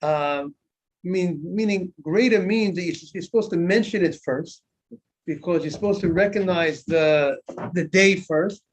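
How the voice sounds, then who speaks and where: A rabbi with a high male voice leads an informal Talmud class at a measured pace, often repeating words. He poses questions to his students and then answers them himself, heard on a dull lo-fi recording.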